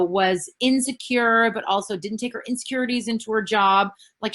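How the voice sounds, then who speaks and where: A woman's voice: mid-range voice, a bit bright. A woman in her thirties from Canada, an actress answering fan questions in a casual virtual panel over a video call, rambling with lots of fillers and the odd swear word.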